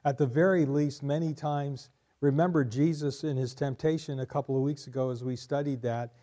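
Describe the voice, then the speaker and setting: A man's voice: medium pitch, fairly even intonation, normal speed, dark tone. A male pastor delivering a sermon, stressing points by repeating them and building to emphatic questions. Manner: emphatic preaching, repeating key lines for stress.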